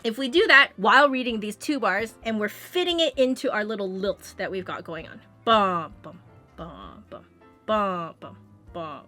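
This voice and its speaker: A woman's voice: mid-range voice, sharp tone. A young woman giving a casual, chatty music lesson, explaining rhythm and sight reading. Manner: chatty, explanatory, sings beats with "bum". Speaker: flute teacher.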